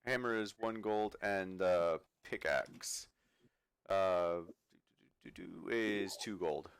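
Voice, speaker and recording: A man's voice: sits low, slow pace, clean tone. A man running a tabletop game as game master, narrating casually with lots of fillers and chuckles.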